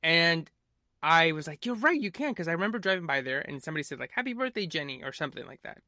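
A man's voice: fairly high pitch, quick pace, pushed and bright, no echo, clean studio sound. A young man hosting a podcast, telling a long story casually with lots of fillers and acted-out quotes. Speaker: podcast host.

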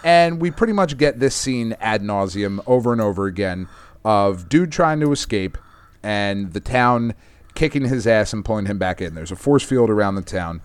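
A man's voice: lowish voice, animated, moderate pace, clean tone, no echo. A man from Texas, a podcast host casually recapping a comic book in a loose, profane, rambling way. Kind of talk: casual chat.

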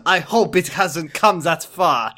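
A frantic male doctor who fires off every line in a shrill, overexcited pitch, pitched well above a normal speaking voice, as a man puts him on. The tone is bright and strained. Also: slow.

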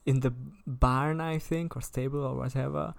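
A male podcast guest chatting about a movie, hesitant and halting. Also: medium pitch, fairly even intonation, creaky. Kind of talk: casual movie chat.

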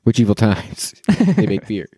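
A man's voice: fairly low pitch, normal speed, dry recording, clean studio sound. A man co-hosting a casual chat, telling stories with lots of laughter and silly voices. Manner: laughing, animated storyteller doing silly voices. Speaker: podcast co-host.

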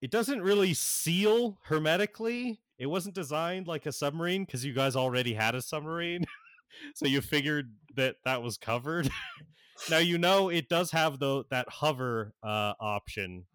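A man running a tabletop game as game master, narrating in a halting way with many fillers and frequent laughs. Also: a little high, big pitch swings, a bit bright, smooth, no room sound, studio quality.

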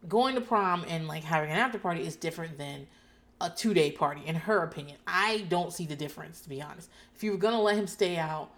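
A woman's voice: fairly low pitch, fast, a bit bright. A woman recapping reality TV in casual chat, sardonic and profane, laughing often. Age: adult parent. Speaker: podcast host.

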